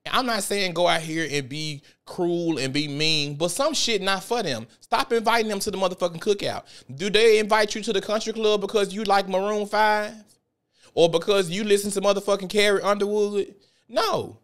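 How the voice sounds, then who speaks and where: In a casual ranting monologue, a podcast host tells stories with heated, profane emphasis. His voice sits high, with a fairly bright tone, at a moderate pace.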